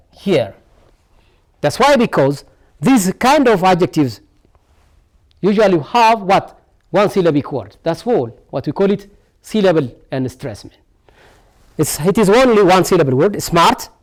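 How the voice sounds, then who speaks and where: A male English teacher with an Ethiopian accent giving a broadcast lesson, repeating words and answering his own questions. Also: high voice. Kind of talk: televised classroom lesson.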